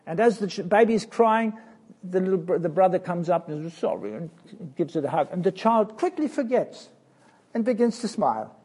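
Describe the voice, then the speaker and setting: A man preaching a sermon to children, slow and emphatic, asking questions of his listeners. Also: sits high, animated, darkish tone, slightly rough.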